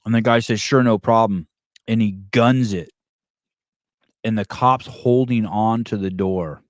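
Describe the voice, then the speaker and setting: Male podcast host, lowish voice, dry close sound, loose rambling chat. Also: measured pace, no echo. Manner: rambling, storytelling with frequent restarts and fillers. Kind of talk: casual chat.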